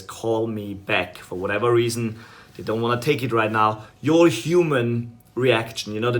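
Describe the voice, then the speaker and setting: A man teaching an online sales course, talking casually and rambling with fillers. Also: medium pitch. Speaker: sales trainer.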